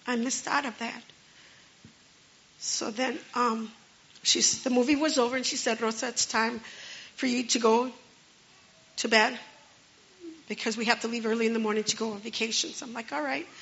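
A woman tells a personal testimony in an earnest, halting way, often circling back and repeating herself. Her voice sits a little high and has a gravelly edge. She speaks flatly, with little rise and fall, on a dull lo-fi recording. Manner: earnest and halting, with many restarts. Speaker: storyteller sharing a personal testimony. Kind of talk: personal testimony, spoken story.

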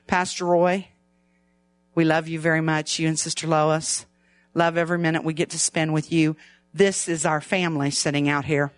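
An older woman, preaching an evening church sermon as a visiting preacher in a lively, folksy way that climbs in pitch when she presses a point. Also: moderate pace, no echo.

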